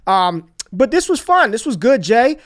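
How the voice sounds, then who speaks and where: A man's voice: very high-pitched, very animated, normal speed. A man hosting a casual sports podcast, talking loosely with restarts and casual swearing. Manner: loose, repetitive, swears casually, hypes sponsor. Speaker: podcast host.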